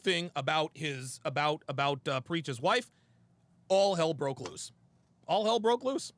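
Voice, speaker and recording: A man's voice: a little high, no room sound. A man hosting a show, telling a long story in a heated, profane monologue and acting out both sides of a conversation. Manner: animated storytelling, quoting a friend and himself; profane and emphatic. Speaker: show host. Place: studio.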